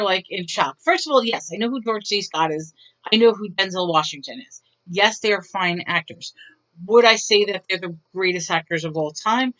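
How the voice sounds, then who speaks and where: A woman's voice: mid-range voice, bright, forceful tone, highs cut off. A woman casually telling retail stories to her viewers in a wry, bemused, chatty way, often restarting her sentences. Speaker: retail worker vlogger. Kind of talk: casual storytelling to camera.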